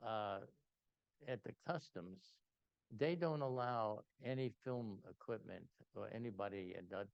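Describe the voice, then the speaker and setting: An older man telling a personal story to a gathering, animated and full of restarts. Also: on the low side, a little slow, vocal fry, smooth, dry recording, highs cut off. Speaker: invited speaker.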